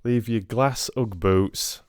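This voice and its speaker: A man's voice: mid-range voice, slow pace, smooth, no room sound, clean studio sound, pitched above the performer's own voice, natural voice. A man voicing a brash, cheeky Yorkshire storyteller in a put-on broad Yorkshire accent, rowdy and full of slang. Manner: rowdy, slangy, keeps asking "right?".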